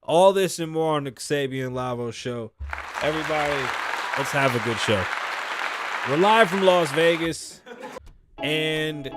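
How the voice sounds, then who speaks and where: A man's voice: a little high, unhurried, long pauses, over loud music, over a noisy crowd. A man hosting his live show, talking casually and profanely, telling stories with sighs and laughs. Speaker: host. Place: Las Vegas.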